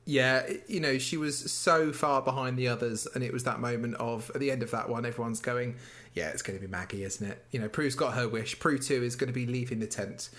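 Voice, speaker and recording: Animated man telling a story, laughing. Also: mid-range voice, fairly quick, few pauses. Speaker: podcast co-host. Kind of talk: casual chat recapping a TV show.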